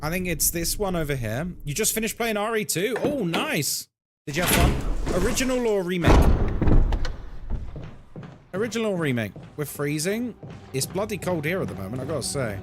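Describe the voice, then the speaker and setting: A man's voice: fairly high pitch, big pitch swings, normal speed, over music. A man streaming a horror game, chatting casually and greeting viewers by name as he plays. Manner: chatty, greets chat viewers by name between gameplay remarks. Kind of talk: casual live-stream commentary. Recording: clear background noise.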